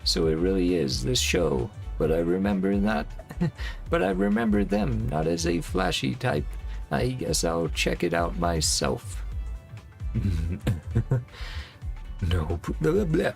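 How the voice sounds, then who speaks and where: A man's voice: lowish voice, unhurried, vocal fry, soft background music. A man streaming a video game, chatting casually and rambling with frequent chuckles. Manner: relaxed, rambling, chuckles often. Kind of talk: casual gameplay commentary.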